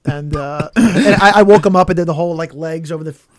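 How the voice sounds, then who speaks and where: A comedian rambles through a story on a podcast, stacking up filler words. His voice sits a little higher than most men's. The recording is dry and close. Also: fast talker, dry recording. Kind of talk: casual chat.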